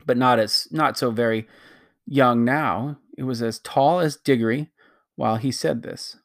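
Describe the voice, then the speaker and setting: A narrator reading a children's novel aloud at a steady pace, with occasional slips and restarts. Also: mid-range voice, unhurried. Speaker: audiobook narrator.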